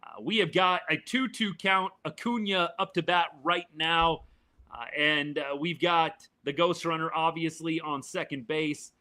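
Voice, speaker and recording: A man hosting a live baseball reaction show, giving his opinions and answering viewer comments in a casual, animated way. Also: on the high side, a little slow. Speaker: sports podcast host. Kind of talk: live game reaction chat.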